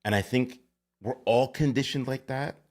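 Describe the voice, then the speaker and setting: A man hosting a casual podcast interview over a video call, talking expressively and swooping high when he tells a story. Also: moderate pace, darkish tone. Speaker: podcast host.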